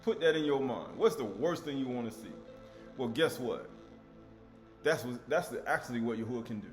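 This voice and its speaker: A man's voice: mid-range voice, lively intonation, moderate pace, faint music behind. Man teaching scripture with emphatic repetition. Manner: emphatic, repeats key words, asks rhetorical questions.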